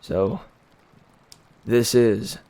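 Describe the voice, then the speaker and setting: Slow gravelly man reading a novel. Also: on the low side, steady tone, dark tone. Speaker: reader.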